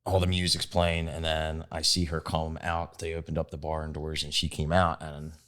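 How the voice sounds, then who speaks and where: Deep-voiced young man telling stories. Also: monotone, normal speed, fairly bright tone. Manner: easygoing storyteller, laughs at himself. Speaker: interview guest, groom. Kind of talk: casual podcast conversation.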